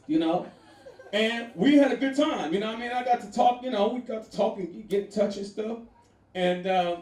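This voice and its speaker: A man works a comedy room with a loud, animated stand-up delivery, laughing through his punchlines. His voice sits a little high and sounds warm and mellow. It is picked up from a distance in an echoey space with a faint hum behind. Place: comedy venue with a live audience.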